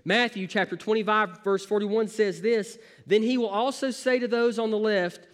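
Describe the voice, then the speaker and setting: A man's voice: high-pitched, fairly even intonation, normal speed, few pauses. A man, a pastor, preaching a sermon with an emphatic, repetitive cadence.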